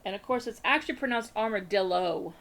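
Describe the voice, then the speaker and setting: A woman with a Southern American accent rambles through a long story in a casual, chatty way. Her voice is heavily creaky and gravelly, and it sits at an ordinary middle pitch. She circles back and repeats her phrases as she talks. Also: lively intonation, normal speed. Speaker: crafting vlogger.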